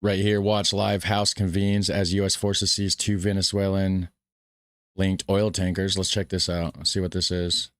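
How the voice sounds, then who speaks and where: Deep-voiced rambling male streamer. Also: little pitch movement, measured pace, no echo, clean studio sound. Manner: rambling, chatty, swears casually. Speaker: reaction video host. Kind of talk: casual live reaction commentary.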